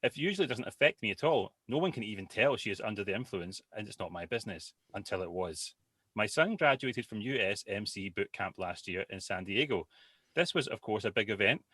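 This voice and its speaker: A man's voice: on the low side, expressive, a little fast, bright, forceful tone, slightly rough, dry recording. A man co-hosting a podcast, reading a listener's post aloud and stumbling over hard words. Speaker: podcast co-host.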